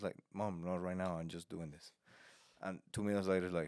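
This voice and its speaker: A man co-hosting a podcast, telling a story in animated casual chat, laughing often and speaking with slightly uneven grammar. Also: sits low, brisk, dry recording, clean studio sound. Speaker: podcast co-host.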